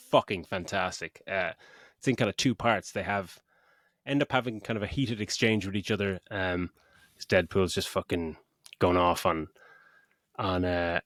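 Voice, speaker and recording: A middle-aged man on a podcast talks about a film with lively, sweary enthusiasm and bursts into acted-out quotes. His voice sits fairly low. The sound is dry and close to the mic. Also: dry recording. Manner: animated, sweary, acts out quotes. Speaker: podcast co-host. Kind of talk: casual film chat.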